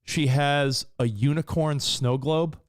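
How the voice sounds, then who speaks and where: A man in his thirties, co-hosting a casual podcast and telling stories in an animated way, swearing casually. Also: a little high, takes it slowly. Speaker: co-host.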